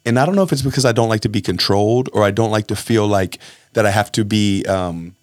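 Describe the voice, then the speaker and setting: A man's voice: lowish voice, quick pace, dry recording, clean studio sound. A man hosting a podcast, talking candidly and with animation, often acting out what others said. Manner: animated, acts out quoted dialogue in a raised voice; candid and self-reflective. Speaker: podcast host. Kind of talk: casual podcast conversation.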